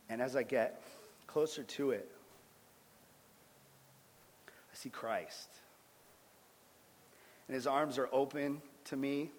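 A man in his thirties giving an earnest sermon-style testimony as a guest speaker, swinging between loud and hushed. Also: medium pitch. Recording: long hall reverb.

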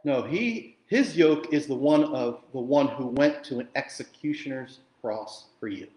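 A man preaching a sermon as pastor, from New Jersey, animated and conversational with jokey asides, swinging from quiet to loud and emphatic. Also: medium pitch, measured pace, roomy sound. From New Jersey, USA.

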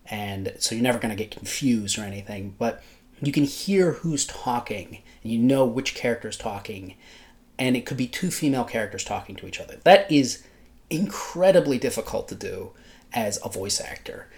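A man's voice: medium pitch, animated, normal speed, creaky. Nasal-voiced man chatting about books. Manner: hesitant, many fillers and restarts. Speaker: podcast co-host, book blogger. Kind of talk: casual book discussion.

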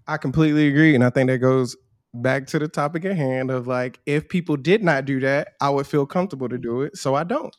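A man hosting a casual chat, relaxed and keeping the conversation moving. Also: medium pitch, brisk, no room sound, clean studio sound. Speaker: host.

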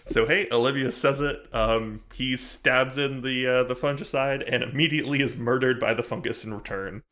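A man's voice: medium pitch, fairly even intonation, normal speed, fairly bright tone. A man hosting a casual podcast chat, recapping a TV episode in a laid-back way with lots of ums and uhs.

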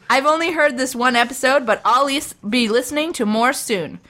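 A woman co-hosting a chatty podcast, her voice sitting a little high and sounding bright and forward. She reads listener messages aloud with playful emphasis and giggles easily. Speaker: podcast co-host. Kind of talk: casual chat, reading listener messages aloud.

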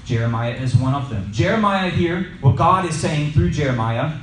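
Lively man teaching scripture, echoey room. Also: a little high, normal speed, faint music behind. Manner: lively, storytelling, asks the audience questions. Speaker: teacher of a Bible study. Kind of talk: casual Bible teaching. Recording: echoey room, mic at a distance.

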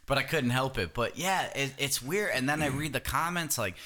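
A man's voice: medium pitch, normal speed, sharp tone. A man in a casual podcast chat, playful and rambling. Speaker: podcast co-host.

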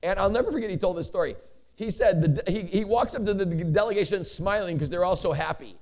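A man preaching a sermon as a pastor, telling stories with rising energy and bursts of shouting. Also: high-pitched, quick pace, gravelly. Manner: animated storytelling, building to shouts.

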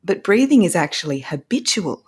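An Australian woman, a voice coach, explaining techniques as a podcast guest in an animated way, laughing often. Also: lowish voice, moderate pace, husky.

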